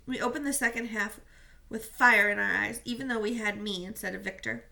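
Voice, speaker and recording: Female audiobook reader, sharp bright tone, steady first-person narration. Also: on the high side, brisk, creaky. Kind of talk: reading a novel aloud.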